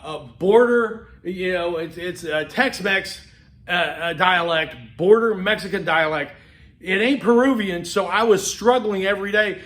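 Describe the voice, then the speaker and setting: A man with a fairly high voice lectures to a class in a loose, chatty way, trailing into fillers and restarting his sentences. The sound rings around a reverberant classroom. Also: fairly bright tone. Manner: conversational, rambling with many fillers and restarts. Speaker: college instructor.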